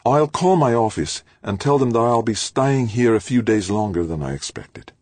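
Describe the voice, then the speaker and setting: Male reader playing a haughty female executive, pitched up, husky, dry booth. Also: expressive, normal speed, darkish tone, dry recording, close to an everyday voice. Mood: resigned. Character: proud, indignant woman executive, middle-aged.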